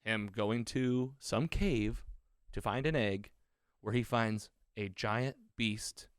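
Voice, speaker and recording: Laid-back man with a low, dry voice. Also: slow pace, clean tone, dry recording. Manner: loose, rambling, with many fillers and quoted lines. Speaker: podcast co-host. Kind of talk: casual chat, retelling a TV episode. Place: podcast studio.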